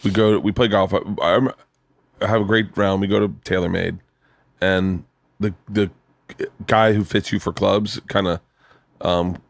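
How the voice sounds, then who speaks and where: Low-voiced podcast host, excitable and profane. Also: male voice, a little slow, gravelly, pauses often, no room sound, clean studio sound. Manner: excitable, profane storyteller who laughs easily. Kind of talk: casual chat.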